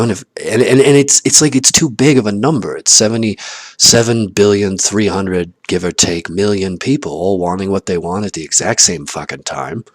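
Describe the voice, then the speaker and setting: A vlogger with a lowish voice rambles through a personal monologue straight to camera, swearing often and laughing at himself. He swings between loud outbursts and muttered asides, and there's no room sound.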